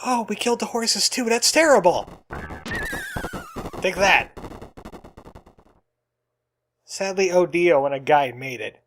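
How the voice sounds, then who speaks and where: Game host, male, slightly high voice, light joking delivery, faint game music underneath. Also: expressive, slow pace, long pauses, a bit bright. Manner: joking, hums along and voices game lines. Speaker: let's play host. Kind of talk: playful gameplay commentary.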